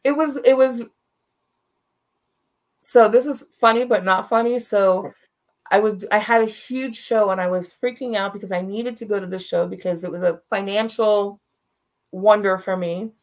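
A woman's voice: medium pitch, normal speed. A woman guest in an interview, telling a personal story in a frank, blunt way and laughing through the hard parts.

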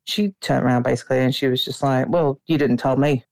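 A woman's voice: very deep voice, fairly even intonation, brisk, a little mellow, dry recording. A woman calling in to a podcast, telling her story in a chatty way with many fillers. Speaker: caller.

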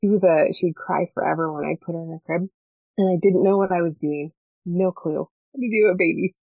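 A woman in her thirties with a gravelly, lowish voice talks a little fast as a guest in a casual interview, where she appears as a parenting coach. Earnest and chatty, she leans on lots of fillers. The dry recording has a slightly dull, lo-fi quality.

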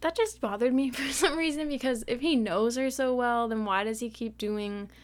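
A woman's voice: fairly high pitch, normal speed. A young woman co-hosting a casual book-club podcast, chatty and giggly, reading passages aloud. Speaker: podcast co-host.

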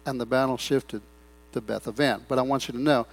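A middle-aged man preaching a sermon in a church, breaking into loud swells and rambling asides. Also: mid-range voice, fast talker, vocal fry. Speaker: pastor. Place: church sanctuary.

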